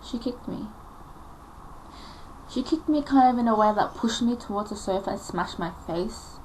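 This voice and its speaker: A woman's voice: on the high side, moderate pace, slight background noise, poor audio. Young woman telling her story. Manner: emotional, rambling with fillers. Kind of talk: casual storytelling vlog.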